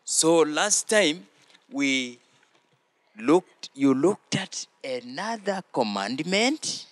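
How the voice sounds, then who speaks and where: A man hosting a children's church show, teaching slowly and prompting the children to repeat phrases after him. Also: fairly high pitch, very animated, no room sound. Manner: slow, deliberate, prompting listeners to repeat phrases. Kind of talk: teaching children with call-and-response.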